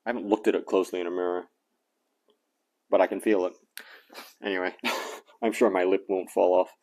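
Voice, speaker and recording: A man's voice: sits low, level tone, a little fast, darkish tone. An Australian man whose accent has drifted toward American, hosting a fitness channel in a casual, rambling vlog rant that is full of self-corrections and chuckles. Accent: Australian mixed with American.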